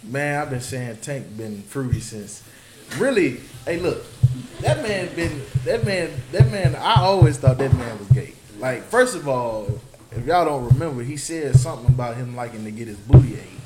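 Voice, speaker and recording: A man's voice: mid-range voice, lively intonation, normal speed. Male teacher, insistent preaching delivery, echoey room with background noise. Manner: emphatic, keeps asking "you understand?". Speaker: teacher leading a scripture study. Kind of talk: preaching to a group. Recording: roomy, noisy recording.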